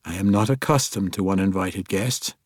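A man voicing an old, withered male dark elf seer in an audiobook, defensive and flustered. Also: lowish voice, moderate pace, dry recording, studio quality, natural voice. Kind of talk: audiobook character voice.

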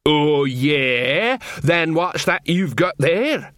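A man voicing a big, dim male troll doing customs duty in an audiobook, slow and officious. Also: a little high, lively intonation, a bit bright, no echo, clean studio sound, voice pushed up, full character voice.

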